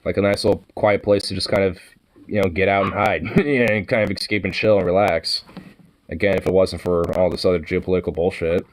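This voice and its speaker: A man's voice: low voice, fairly even intonation, brisk, rough recording. A man in a casual, rambling monologue, swearing a lot and full of fillers.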